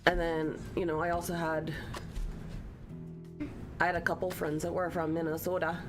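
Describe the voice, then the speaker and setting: A woman's voice: on the low side, flat delivery, normal speed, music in the background. A woman streamer chatting casually while playing a game, rambling and laughing easily.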